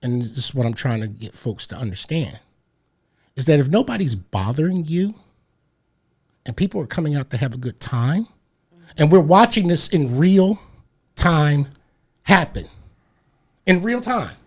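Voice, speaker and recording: A man hosting a radio talk show, telling a story in an animated, slangy, emphatic way and repeating words as he gets heated. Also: on the high side, unhurried, pauses often, slightly rough.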